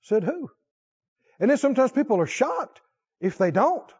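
A man's voice: extremely high pitch, very animated, brisk, darkish tone, slightly rough, highs cut off. A male preacher delivering a sermon, talking with animation, questioning the crowd and laughing now and then.

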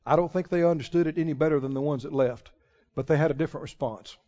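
A man preaching a sermon as a pastor, animated, laughing often and calling out to the congregation. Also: fairly high pitch, quick pace, highs cut off.

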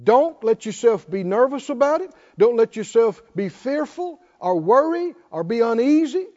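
A man's voice: very high-pitched, very animated, moderate pace, a little mellow. A man preaching a sermon. He drives it with rhetorical questions and joking asides, and calls on the congregation to answer back. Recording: dull lo-fi sermon recording.

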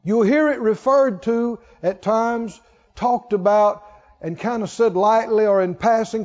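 A man preaching a sermon as pastor, slow and emphatic, leading his congregation in call-and-response. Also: high-pitched, darkish tone, in a large hall, dull audio. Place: church sanctuary.

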